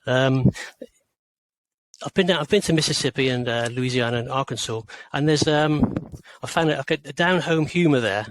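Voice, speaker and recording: A man's voice: mid-range voice, normal speed, slight background noise, low-quality recording. Hesitant English man in his sixties. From rural England. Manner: hesitant, many fillers and restarts. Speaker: author, guest. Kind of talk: interview.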